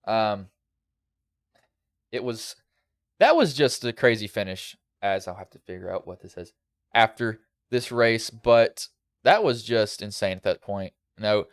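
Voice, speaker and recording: Male sim racing host, slight country lilt, relaxed rambling recap, crisp and dry on a headset. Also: lowish voice, a little slow, no room sound. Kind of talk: post-race commentary.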